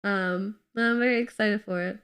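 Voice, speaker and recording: A woman streaming a game, chatting casually and excitedly with her viewers while slightly ill and coughing. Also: mid-range voice, normal speed, clean tone. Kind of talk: casual live-stream chat while playing.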